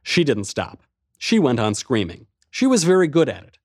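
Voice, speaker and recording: A man's voice: mid-range voice, wildly swooping pitch, normal speed, breathy edge, dry recording, clean studio sound. A man narrating a first-person adventure story in a tense, driving way.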